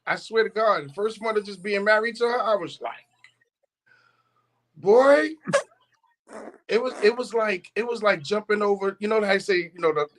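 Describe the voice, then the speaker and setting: A man's voice: high-pitched, quick pace, few pauses. A man streaming, telling stories in casual chat, swearing freely, laughing often and acting out quotes. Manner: profane, laughing often, animated quoting.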